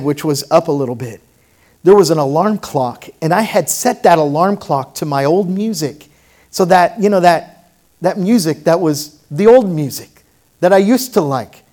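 A man preaching a sermon, swelling loud on key phrases and dropping to quiet personal storytelling. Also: a little high. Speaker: pastor.

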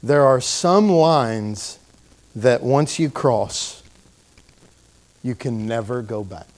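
A man preaching a sermon in a church, telling the story with animated delivery and acting out the voices of its people. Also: mid-range voice, slow pace. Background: congregation calling out responses.

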